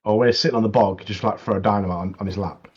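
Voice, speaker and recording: Husky man on a lo-fi mic. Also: lowish voice, rapid-fire. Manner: laughs often, animated retellings. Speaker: podcast co-host. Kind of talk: casual gaming chat.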